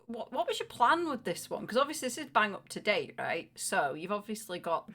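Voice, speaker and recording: A woman co-hosting a casual live-stream quiz, relaxed and quick to laugh as she reads questions. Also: medium pitch. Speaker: quiz co-host.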